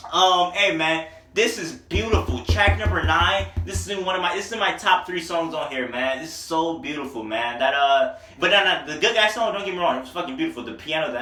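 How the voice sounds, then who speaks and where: A young man giving a casual, profane, excitable album review, laughing at his own jokes. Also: fairly high pitch, fairly quick, distant mic. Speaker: music reviewer. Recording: echoey room, voice away from mic.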